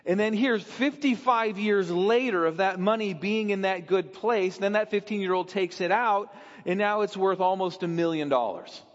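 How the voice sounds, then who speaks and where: A man delivers a sermon in a high voice and an emphatic style, often dropping low and soft for weight. The recording is dull and lo-fi. A long hall reverb trails behind him. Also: moderate pace. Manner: emphatic, with sudden drops in pitch and volume. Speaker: preacher.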